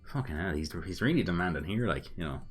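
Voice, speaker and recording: A man's voice: low voice, sing-song, quick pace, faint music behind. A young Irish man giving casual commentary on chat logs, swearing freely and laughing often, with blunt asides. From Ireland.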